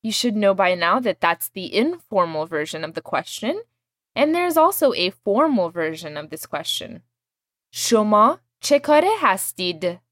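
A woman leads a language lesson, explaining each word and having her student repeat after her. Her pitch moves a lot as she talks. The recording is dry and close. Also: sing-song, normal speed, a bit bright, no echo. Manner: patient, explains and drills phrases. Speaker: language teacher.

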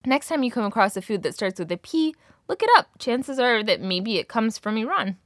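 A young woman teaching a language lesson, clearly modelling words slowly for her student to repeat. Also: fairly high pitch, lively intonation, fairly bright tone, dry recording, studio quality.

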